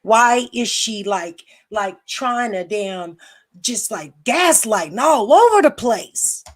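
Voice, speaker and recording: A woman's voice: on the high side, animated, slow pace. A woman hosting a livestream, ranting angrily and bluntly with profanity and repeated lines. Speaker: livestream host. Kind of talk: heated livestream rant.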